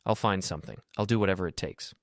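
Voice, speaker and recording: A man's voice: low-pitched, fast talker, no echo, studio quality. A man voicing a remorseful father in his sixties, apologetic and pleading in a storybook reading. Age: 60s.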